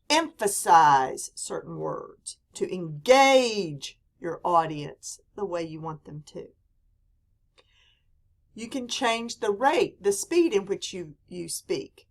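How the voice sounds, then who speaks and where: A woman with a softened Southern US mountain accent lectures on public speaking. She speaks in a clear, deliberate teaching manner. She stresses important words firmly as she explains each point. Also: medium pitch. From Southern US mountain region. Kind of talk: recorded classroom lecture.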